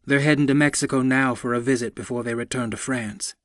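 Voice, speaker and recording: A man narrating an audiobook, voicing a gentle young man in a soft, reassuring way. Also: mid-range voice, fairly quick, no echo, clean studio sound, natural voice.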